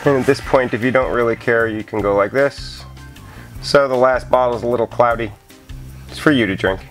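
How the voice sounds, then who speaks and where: A man walks through home winemaking in a relaxed, conversational way, pausing now and then on small fillers. His voice sits at an ordinary middle pitch. Faint music plays quietly behind him. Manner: relaxed, chatty explaining with occasional fillers. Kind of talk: casual how-to demonstration. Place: indoors at home.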